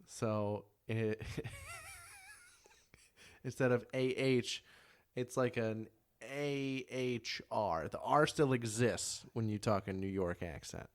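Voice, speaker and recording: Young dude cohosting a chill podcast, slow easy talk, laughs a lot and cusses. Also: male voice, fairly low pitch. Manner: laughs often, swears freely, tries out regional accents. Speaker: podcast co-host. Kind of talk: casual chat.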